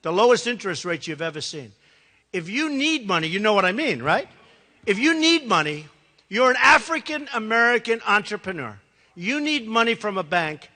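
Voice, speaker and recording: Male political candidate, campaign speech, emphatic and repetitive, bright voice, reverberant large hall. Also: high voice, very animated, normal speed. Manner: emphatic and rambling, repeats himself. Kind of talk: campaign speech to a live audience.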